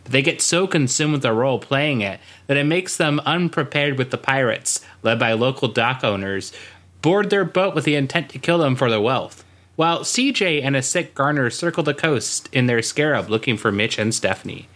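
A man's voice: medium pitch, lively intonation, normal speed, a bit bright. A man co-hosting a podcast in casual chat, rambling and laughing at his own jokes. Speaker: podcast co-host.

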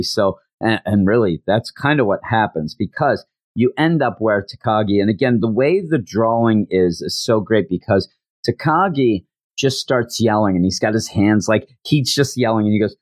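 A man casually recapping an anime episode, animated and acting out the characters' lines, with frequent restarts. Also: lowish voice, normal speed, no room sound. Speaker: anime reviewer.

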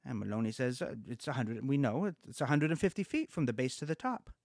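A man's voice: mid-range voice, big pitch swings, fast, darkish tone, dry recording, clean studio sound. A man hosting a casual podcast chat, telling local ghost stories and acting out quoted lines along the way. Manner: chatty, acts out quoted lines with small voice shifts.

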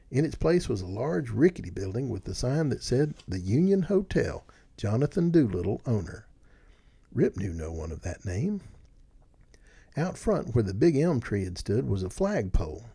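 Gravelly man reading a storybook. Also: medium pitch. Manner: expressive, animated reading. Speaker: narrator.

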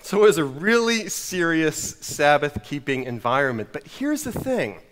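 A man's voice: on the high side, very animated, moderate pace, fairly bright tone, long reverb tail. A middle-aged American man preaching a sermon, telling a story in a wry, self-mocking way. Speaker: pastor.

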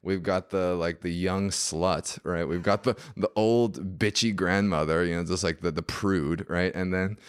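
A man's voice: deep voice, fairly even intonation, measured pace, hardly any pauses, clear, resonant tone. A man, a podcast guest, telling a story in a casual, rambling way, full of fillers and acted-out quotes.

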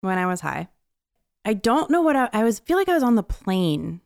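A woman co-hosting a podcast in casual chat, animated and blunt, swearing freely. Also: medium pitch, normal speed, gravelly, dry recording, studio quality. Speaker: podcast co-host.

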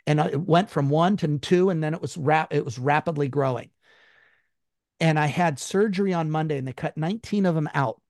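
High-strung guy telling his story, blunt and sweary, bit of a higher voice, dry close sound. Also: brisk, darkish tone, no echo. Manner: emphatic, blunt, swears freely. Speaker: guest. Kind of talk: personal story in an interview.

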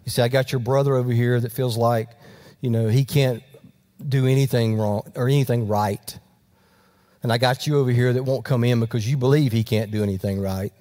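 A man voicing a gentle, loving father who pleads softly with his son. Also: fairly even intonation, fairly quick, close to an everyday voice. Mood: tender. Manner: soft, low, tender pleading.

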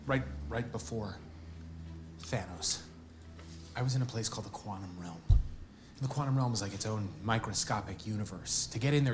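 An actor playing an awkward, excitable adult man who rambles and cuts himself off, in a film clip. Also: fairly low pitch, lightly acted. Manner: halting, self-interrupting, nervous excitement. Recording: film clip over music score.

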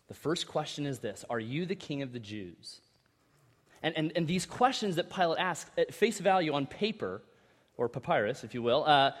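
A man preaching a sermon as pastor, in a conversational style with animated asides and repeated words. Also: fairly high pitch, slightly rough. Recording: long reverb of a large hall.

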